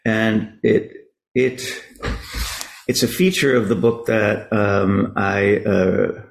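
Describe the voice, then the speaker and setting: A man with a lowish, gravelly voice interviews a guest. He speaks haltingly, with plenty of fillers and restarts. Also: level tone, poor audio. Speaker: radio show host. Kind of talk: casual interview conversation.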